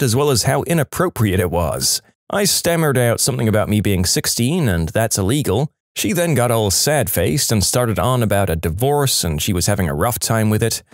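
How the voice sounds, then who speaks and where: A man narrating a string of reader-submitted service-job stories in a wry, deadpan way. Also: lowish voice, no echo, studio quality.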